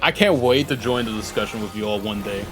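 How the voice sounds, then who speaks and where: A man's voice: fairly low pitch, a little fast, fairly bright tone, soft background music. A young man streaming a game, rambling casually and joking at himself. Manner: rambling, self-deprecating, reads game text aloud. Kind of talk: casual gameplay commentary.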